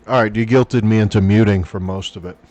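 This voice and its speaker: A man hosting a gaming stream, chatting casually in a relaxed, self-deprecating way. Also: fairly low pitch, brisk, highs cut off, soft background music. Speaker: streamer host.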